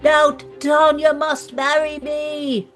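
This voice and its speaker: A woman's voice: high-pitched, level tone, slow, fairly bright tone, faint music behind, voice pushed up. A woman voicing a ragged, lovesick male sweeper who bellows his lines in a radio play. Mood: eager.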